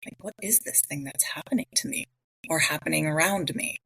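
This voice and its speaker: A woman's voice: low voice, a little fast, vocal fry, pushed and bright, slightly rough, low-quality recording. A woman hosting a solo podcast, talking through ideas in a casual, thinking-aloud way with many rhetorical questions. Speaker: podcast host. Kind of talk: solo reflective talk on mindfulness.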